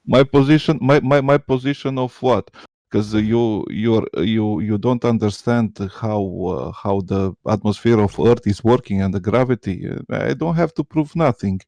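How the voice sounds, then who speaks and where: Man, non-native English, mellow voice, dry sound, stammering, repeats himself, excited. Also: lowish voice, normal speed, dry recording. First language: not English. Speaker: debate guest. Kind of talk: live online debate.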